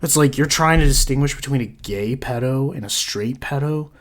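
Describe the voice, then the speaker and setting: A woman's voice: rumbling low, moderate pace. A woman hosting a reaction commentary channel, ranting crudely and sarcastically with a stream of insults. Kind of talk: profane reaction rant.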